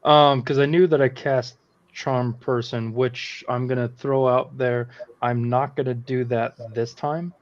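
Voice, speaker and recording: A man's voice: medium pitch, fairly even intonation, measured pace, dull audio. Hesitant man playing a tabletop game. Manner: hesitant, self-correcting. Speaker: player. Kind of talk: casual tabletop game talk.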